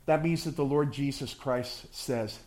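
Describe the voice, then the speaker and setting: A male pastor preaching a sermon with passion, swinging from loud surges to hushed, drawn-out words. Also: mid-range voice.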